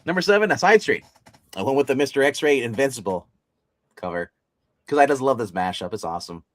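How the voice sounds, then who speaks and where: A man on a casual comic review livestream, talking with lots of fillers and restarts and getting animated as he retells scenes. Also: mid-range voice, a little fast, no echo. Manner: rambling, many fillers and restarts. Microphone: phone.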